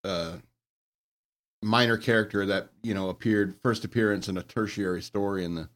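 A man's voice: lowish voice, fairly even intonation, moderate pace, fairly bright tone. A man co-hosting a casual chat podcast, talking hesitantly with many fillers. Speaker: podcast co-host.

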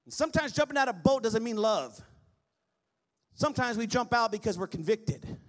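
A male pastor with a high voice delivers a sermon in a church. He reads scripture aloud and calls on the congregation to repeat after him. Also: animated, a little fast. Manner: preaching, quoting scripture, calls on the congregation to respond.

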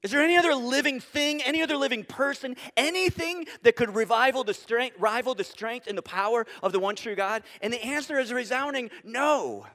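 A man's voice: very high voice, a little fast, few pauses, pushed and bright. A man preaching a sermon as pastor to a congregation in a church, building his points through emphatic repetition and rhetorical questions. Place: church sanctuary before a congregation. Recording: long hall reverb.

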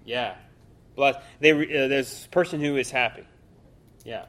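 A man's voice: medium pitch, measured pace, a bit bright. A man teaching a Bible study class in a loose, conversational way, full of fillers and restarts.

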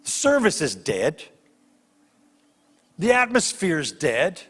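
A man preaching a sermon as a guest preacher, telling stories with lively voiced characters. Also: a little high, takes it slowly, long pauses, breathy edge. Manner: animated storytelling with voiced characters. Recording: long hall reverb.

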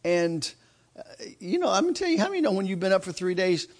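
Animated high-voiced man preaching. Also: fast. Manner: animated, acts out shouting in stories. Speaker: guest preacher. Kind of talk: sermon with storytelling. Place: church sanctuary.

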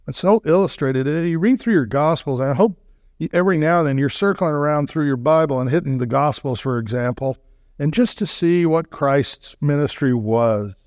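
High-voiced preacher with dry close sound. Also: male voice, normal speed, darkish tone, no echo. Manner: rhetorical questions, swings from low murmurs to raised exclamations. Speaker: guest preacher. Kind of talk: sermon.

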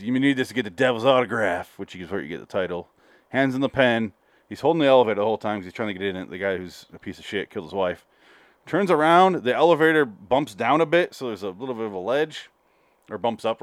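A low-voiced man co-hosts a casual comedy podcast, retelling a story at a quick clip with lively intonation. He rambles, swears, and acts out scenes in put-on voices, and the recording has no room sound.

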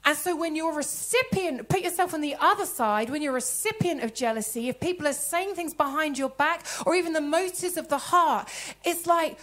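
A woman preaching a sermon with animated delivery, breaking into laughter and acting out the voices she quotes. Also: high voice, a little fast.

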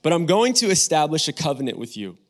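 A man's voice: a little high, sing-song, quick pace. A young man preaching as a guest pastor, chatty and joking with the congregation before his sermon, speaking on a stage mic in a church. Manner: friendly joking banter with congregation. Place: church sanctuary.

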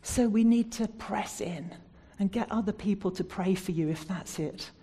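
A woman from the United Kingdom delivers a sermon in a mellow, slightly husky voice. She puts earnest, searching questions to her listeners and softens into a prayerful tone when she leads them in prayer. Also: mid-range voice, moderate pace. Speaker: preacher.

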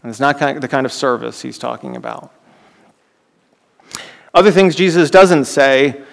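A man's voice: medium pitch, measured pace, creaky. A man preaching a sermon in a conversational way, often asking his listeners rhetorical questions. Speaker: pastor. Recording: long hall reverb.

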